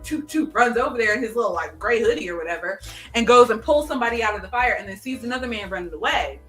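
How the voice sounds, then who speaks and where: A podcast host with a medium-pitched voice tells a long story on her casual chat show, recapping a TV episode in an animated style full of fillers and restarts. Coming through a video call stream, the audio has an echoey room, a distant mic, and faint music.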